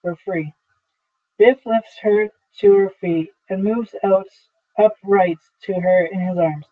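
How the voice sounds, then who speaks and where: A man reads stage directions aloud in a plain, steady voice. His pitch is high. The recording is thin and tinny, like a phone line. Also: slow, far from the mic. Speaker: reader of a full play.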